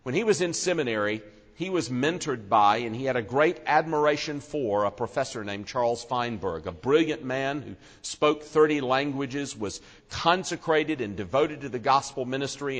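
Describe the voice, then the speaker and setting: A man preaching an expository sermon, earnest and slowing down for solemn emphasis. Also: expressive, a bit bright. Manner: earnest, slows and drops low for solemn emphasis. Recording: long reverb of a large hall.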